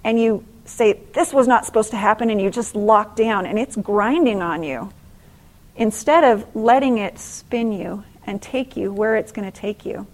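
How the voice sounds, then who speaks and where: A middle-aged woman giving a faith-based motivational class at a conference, telling stories with lively acted-out exclamations. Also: mid-range voice, unhurried, low-quality recording. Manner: animated storytelling, acting out exclamations. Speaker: conference speaker and author.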